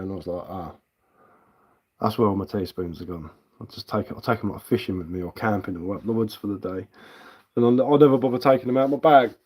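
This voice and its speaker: A man from England hosting a casual livestream as a woodcarver, rambling bluntly and swearing casually while answering viewers. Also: lowish voice. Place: indoors at home.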